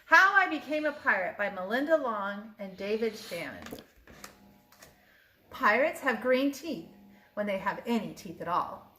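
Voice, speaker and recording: An older woman, a grandmother, reading a children's picture book aloud in a lively, expressive way with small slips. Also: mid-range voice, a little slow, slight background noise. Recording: roomy echo.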